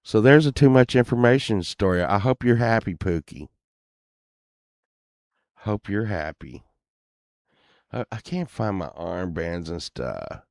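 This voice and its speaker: A man's voice: lowish voice, expressive, a little slow, creaky, pauses often, a little mellow, dry recording. A man rambling through a crude story to his live chat from his home studio, full of fillers and restarts. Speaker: streamer telling stories to chat.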